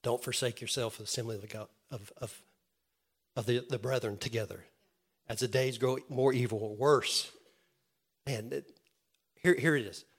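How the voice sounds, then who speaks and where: A man preaching a sermon in an earnest way, with many restarts, moving from loud calls to the congregation to quiet retelling. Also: medium pitch, steady tone, normal speed, pauses often, slightly rough. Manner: earnest, swings from loud calls to soft storytelling; stammering restarts.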